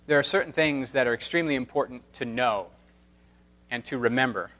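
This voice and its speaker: A man's voice: mid-range voice, fairly quick, a bit bright. A man pastor reading scripture and preaching a sermon with emphatic, impassioned delivery.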